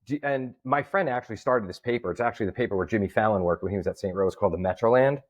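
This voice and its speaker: Speaking on the low side and at a racing pace, this man is a guest comedian and promoter. He's an animated storyteller in a casual interview, performing the voices of the people he quotes.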